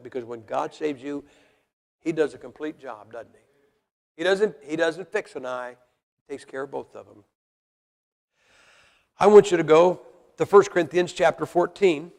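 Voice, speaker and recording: Gravelly man preaching in a hall. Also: on the high side. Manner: blunt, folksy, rhetorical questions to the congregation. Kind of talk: sermon. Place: church hall with congregation. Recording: long reverb of a large hall.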